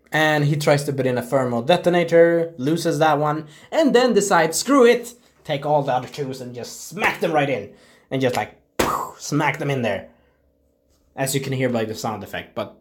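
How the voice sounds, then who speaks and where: A young man casually reviewing a show, excitable and swearing, acting out scenes in quick little voices. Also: mid-range voice.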